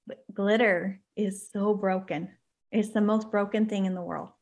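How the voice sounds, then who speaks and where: A woman in her forties hosting a podcast, telling a personal story in a lively, often laughing way. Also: mid-range voice, unhurried. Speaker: podcast host. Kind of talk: casual podcast conversation.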